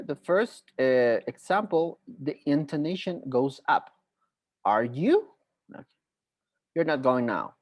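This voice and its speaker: Slow, deliberate male English teacher. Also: medium pitch, a little mellow. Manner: slow, deliberate explaining with spoken examples. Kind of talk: online grammar lesson.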